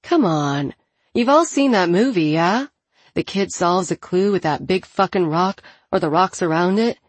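A woman reading as an excitable, foul-mouthed young woman. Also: on the low side, normal speed, dry recording, lightly acted. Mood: excited. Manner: animated, swearing, laughing.

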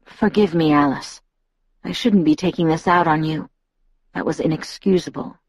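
A woman's voice: sits low, normal speed, a little mellow, slightly rough, no echo. A woman voicing a tense, short-tempered young man who speaks in clipped, controlled lines, in an audiobook reading. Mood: apologetic.

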